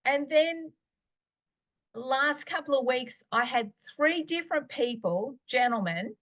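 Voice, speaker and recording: A middle-aged woman, sharing a faith testimony in a chatty, animated storytelling way. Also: high-pitched, takes it slowly. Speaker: podcast host.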